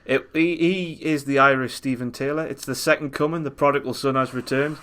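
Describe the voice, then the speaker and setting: A man's voice: medium pitch, brisk. A young man, chatting bluntly and wryly about his team's latest match as a fan pundit. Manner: blunt, wry, animated when telling stories. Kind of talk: casual chat.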